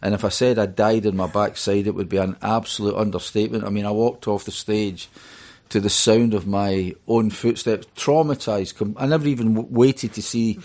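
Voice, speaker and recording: A middle-aged man with a Scottish accent talks through his stories in a chatty, rambling way. His voice sits a little low, and he fills the gaps with plenty of fillers. He sounds like a guest in a radio interview. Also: fairly even intonation, moderate pace, a little mellow. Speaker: author and DJ guest.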